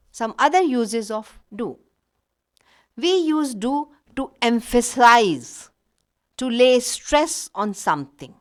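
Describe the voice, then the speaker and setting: A woman teaching a recorded grammar lesson, patiently explaining with many examples. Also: a little high. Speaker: English teacher.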